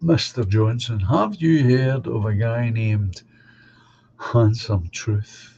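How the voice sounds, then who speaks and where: A man's voice: medium pitch, slow, gravelly, darkish tone, muffled recording, slight background noise. A middle-aged man with a Glasgow accent, chatting casually and bluntly as a livestream host reading out viewer comments. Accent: Glaswegian. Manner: blunt, opinionated, reads viewer comments aloud. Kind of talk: casual chat.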